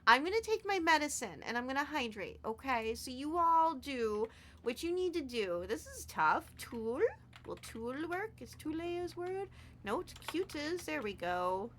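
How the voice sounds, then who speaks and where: A woman live-streaming a game, chatting casually with viewers and gushing with excitement over what she finds. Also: sits high, measured pace, a little hiss or hum. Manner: excitable, gushing and squealing with delight; chatty, addresses viewers as sweethearts.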